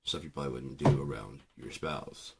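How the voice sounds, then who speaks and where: A man's voice: very deep voice, normal speed, gravelly, heavy background noise. A man talking casually while streaming, rambling and swearing with many fillers. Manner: rambling, profane, lots of fillers. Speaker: music producer streaming. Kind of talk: casual chat.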